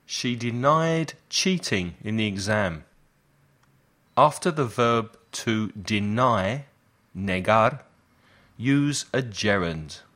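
A man leads a lesson. His voice sits a little low, and he speaks very slowly and deliberately. He repeats short phrases so learners can copy them. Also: animated, a bit bright. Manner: slow, deliberate repetition for learners. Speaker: English teacher. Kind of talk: slow language lesson drills.

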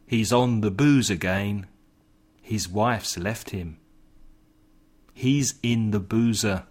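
A middle-aged man teaching slang in a slow, deliberate podcast lesson. He spells words out letter by letter and acts out short example phrases. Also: fairly low pitch, a little mellow. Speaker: English teacher, podcast host. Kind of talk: scripted language lesson.

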